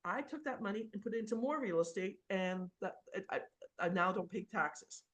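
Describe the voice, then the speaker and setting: A middle-aged woman talks through her own tax story in a chatty, storytelling way, often pausing on fillers. Her voice sits in an ordinary middle pitch. She is speaking into a computer mic as she shares her screen. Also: animated. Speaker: real estate investor sharing tax tips.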